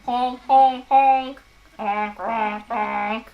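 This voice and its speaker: A woman doing little boy Stan, slow and curious. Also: a little high, fairly even intonation, lo-fi sound, voice pushed down. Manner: slow, simple answers and animal sounds.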